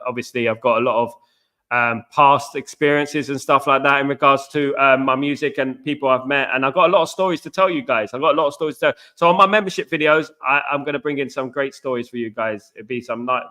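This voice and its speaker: This middle-aged British football channel host has a medium-pitched, sharp-toned voice. In a relaxed live-stream chat he rambles and repeats himself, addressing his audience as "guys."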